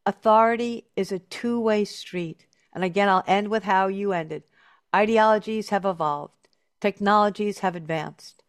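A woman's voice: medium pitch, dry recording, clean studio sound. A woman hosting a talk show, telling stories emphatically and chatting with her guest. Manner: animated, emphatic storyteller. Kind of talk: casual interview chat.

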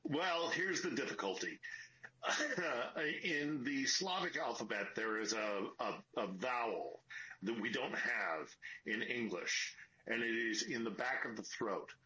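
A man's voice: mid-range voice, expressive, slow pace, sharp tone, a little hiss or hum. A man, a war correspondent, speaking by phone in an earnest, explanatory way, tired from lack of sleep. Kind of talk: phone interview. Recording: dull lo-fi phone line.

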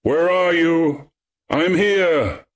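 A man voicing a proud young male hunter who is lost and shouting to his companions. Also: on the high side, very slow, pitched above the performer's own voice. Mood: calling. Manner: calling out loudly.

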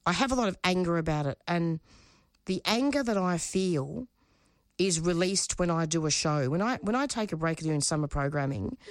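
Guest voice: low-pitched woman from Australia, candid and emotional, halting with repeats, dry close sound. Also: animated, no echo. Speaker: radio show producer and host. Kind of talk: interview guest, candid conversation.

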